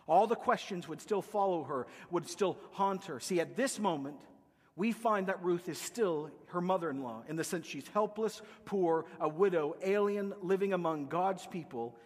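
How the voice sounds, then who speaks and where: A man with a high voice preaches with emphasis, rising to loud declarations and dropping to hushed lines. His voice rings out with a long hall reverb, as in a church sanctuary. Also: moderate pace, slightly rough. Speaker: pastor. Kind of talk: sermon.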